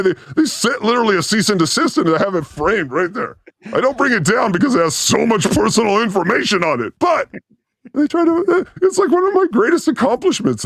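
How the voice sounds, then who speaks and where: A man hosting a podcast, teasing his guest with crude, animated jokes in casual chat. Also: high voice, dry recording, studio quality. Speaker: podcast host. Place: studio.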